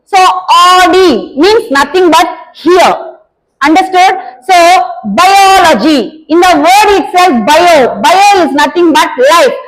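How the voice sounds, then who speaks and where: A woman's voice: extremely high pitch, low-quality recording. A young woman teacher with an Indian English accent, lecturing on exam topics and defining each term step by step. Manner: explanatory, repeats "nothing but" to define terms.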